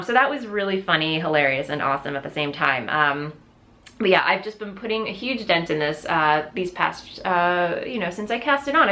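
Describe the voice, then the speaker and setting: A woman hosts a knitting vlog and chats to her viewers in a loose, rambling flow full of fillers and restarts. Her voice sits a little low for a woman but has a bright, forceful edge. She sounds eager and keeps doubling back mid-sentence. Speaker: knitting video podcast host. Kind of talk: casual chat to viewers.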